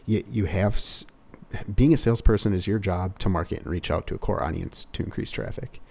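A man's voice: deep voice, fairly quick, creaky, a little mellow. A male car salesperson giving casual sales advice in a rambling way, full of "you know" fillers.

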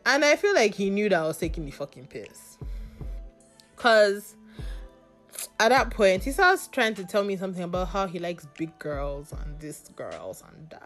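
A woman's voice: on the low side, big pitch swings, moderate pace, soft background music. A woman hosting a podcast, telling a story in a casual, gossipy way and swearing now and then. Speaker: podcast host.

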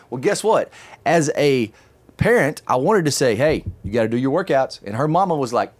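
A middle-aged man hosting a casual chat, telling a long story in an animated, chatty way and laughing often. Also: mid-range voice, fast talker. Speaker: podcast host telling a story.

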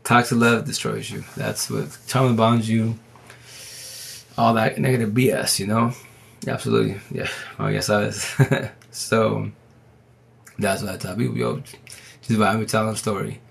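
Low gravelly man rambling on a livestream. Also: level tone. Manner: rambling, slangy, talks fast. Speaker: livestream host. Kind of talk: casual livestream monologue. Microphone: phone.

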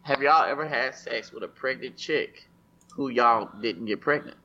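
A man's voice: mid-range voice, normal speed, sharp tone, lo-fi sound, slight background noise. A man co-hosting a podcast, joking and teasing his friends in profane casual banter. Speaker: podcast co-host.

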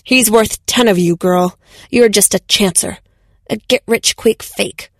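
A woman reading the part of a rough, blunt male guide who speaks gruffly and with contempt. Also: mid-range voice, unhurried, no echo, studio quality. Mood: scornful.

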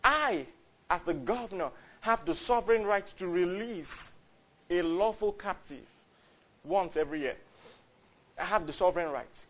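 A man's voice: high voice, animated, fairly bright tone, heavily acted. A man, voicing a pompous, scheming Roman governor during a sermon. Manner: smug, brisk, exasperated.

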